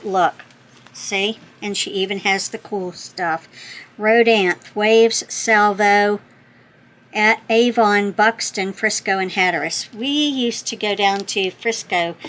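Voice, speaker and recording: A middle-aged woman hosting a craft channel, chatting as she opens mail, gushing and thinking out loud as she corrects herself. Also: medium pitch, poor audio. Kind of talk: casual chat opening happy mail.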